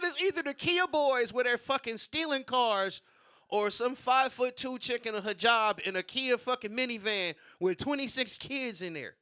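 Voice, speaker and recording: A man's voice: very high-pitched, lively intonation, moderate pace, sharp tone, clear, resonant tone. A male stand-up comedian at an open mic, telling a loose, profane story with punchlines.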